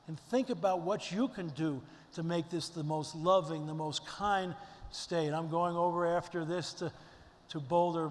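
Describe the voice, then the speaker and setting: An older man giving an inspirational luncheon speech as keynote speaker, folksy and heartfelt as he tells stories. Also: on the high side. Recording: long reverb in a large hall.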